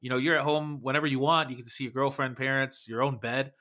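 A man's voice: medium pitch, flat delivery, fast talker, sharp tone. A man, a former band member, chatting casually on a podcast, swearing often and calling people man and dude. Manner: laid-back, swears often, says man and dude a lot.

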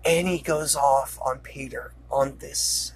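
A woman's voice: rumbling low, fairly even intonation, slow, a little mellow, slightly rough. A woman co-hosting a podcast, chatting about a film with enthusiasm and casual swearing. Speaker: podcast co-host. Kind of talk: casual movie recap chat.

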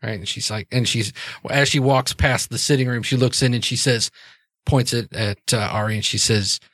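A man's voice: mid-range voice, steady tone, normal speed, fairly bright tone, dry recording, studio quality. A man narrating a tabletop game as game master, casual and descriptive. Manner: casual, descriptive, laid-back.

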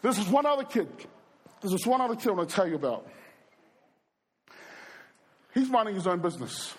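A male preacher telling stories during a sermon, animated and speaking straight to the crowd. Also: high-pitched, a little fast, slightly rough. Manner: animated storyteller who acts out quoted voices and addresses the crowd. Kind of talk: storytelling sermon.

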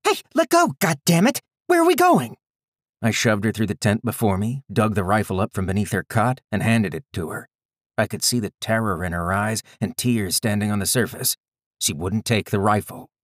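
A man reading a first-person story aloud in a measured, gritty storytelling manner. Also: on the low side, steady tone, no echo, clean studio sound. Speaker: audiobook narrator. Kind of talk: scripted first-person narration.

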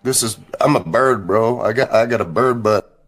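A man's voice: fairly low pitch, normal speed. A man on a podcast joking about himself. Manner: self-mocking. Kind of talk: casual chat. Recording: loud crowd noise behind.

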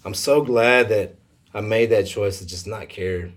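A man telling a personal faith story in a casual conversation, emotional and halting, with many fillers. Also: lowish voice.

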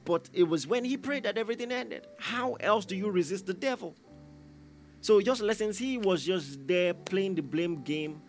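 A man's voice: high voice, animated, moderate pace. A man preaching a sermon, emphatic and repeating key phrases, raising his voice when he acts out quoted lines. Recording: faint instrumental music behind.

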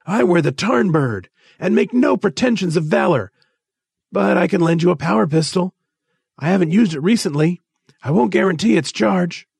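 A man's voice: high-pitched, expressive, normal speed, gravelly, slightly rough, no echo, clean studio sound, pitched above the performer's own voice, exaggerated voice. A man voicing a testy, evasive male spaceport official in a read-aloud story, with an offhand manner.

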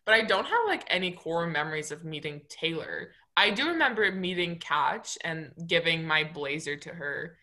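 A woman's voice: low-pitched, sing-song, normal speed, hardly any pauses, sharp tone. A young woman with a Turkish accent, chatting casually with friends as a podcast co-host, full of fillers. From Turkey. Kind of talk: casual chat among friends.

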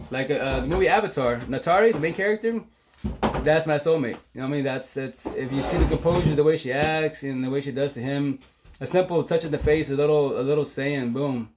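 A middle-aged man talking casually on a live stream from home, rambling and emotional, swearing freely and laughing often. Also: on the high side.

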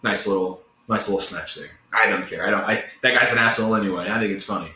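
A man's voice: lowish voice, quick pace, pushed and bright. A man voicing a cunning, easygoing male wizard who talks in a casual, slangy way, recorded in an echoey room. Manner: casual, slangy, mumbling asides.

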